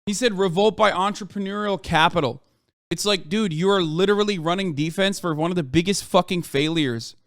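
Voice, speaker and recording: A man's voice: high-pitched, brisk, hardly any pauses, no room sound, studio quality. A man streaming a heated, profane and sarcastic rant reacting to the news. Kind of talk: ranting commentary.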